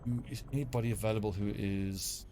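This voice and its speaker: A man's voice: on the low side, steady tone, fairly quick, dark tone, soft background music. A man with a South African accent, rambling and swearing casually as he streams a game. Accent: South African English. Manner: rambling, profane, self-mocking. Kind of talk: casual gameplay commentary.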